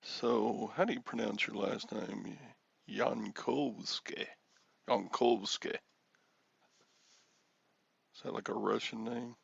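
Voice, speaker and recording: Man hosting a solo stream, gravelly husky voice, slow unhurried talk, self-deprecating, dull lo-fi audio. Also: lowish voice, steady tone, no echo. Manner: rambling, self-deprecating, greets chat viewers by name. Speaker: livestream host. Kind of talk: casual solo livestream chat with viewers.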